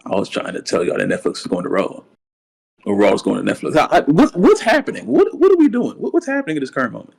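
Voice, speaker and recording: Brief: excitable male podcast co-host, slight lisp, lively swooping delivery, somewhat high voice. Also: fast, vocal fry, a little hiss or hum, rough recording. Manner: excitable, rambling, repeats words when worked up. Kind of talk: casual wrestling chat.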